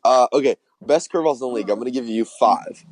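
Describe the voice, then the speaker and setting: A man's voice: medium pitch, fast, a little mellow, no room sound. A young man in his twenties hosting a podcast, bantering in an easygoing, laid-back way. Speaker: podcast host. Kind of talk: casual chat.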